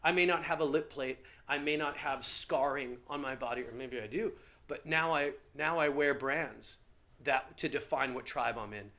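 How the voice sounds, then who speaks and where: A male comedian guest telling stories in a casual podcast interview with an animated, lively manner. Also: mid-range voice, moderate pace.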